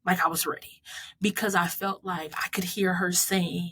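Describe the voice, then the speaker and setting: A woman in her thirties from the United States, casually and warmly recapping her marathon, laughing often as she dedicates each mile to loved ones. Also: fairly low pitch, steady tone, normal speed, slightly rough.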